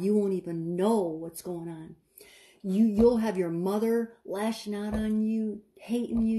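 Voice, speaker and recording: A woman's voice: mid-range voice, mellow. A woman giving an impassioned online sermon, dramatic and urgent, repeating phrases and speaking straight to her listeners. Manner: addresses listeners directly and casually. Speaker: online preacher.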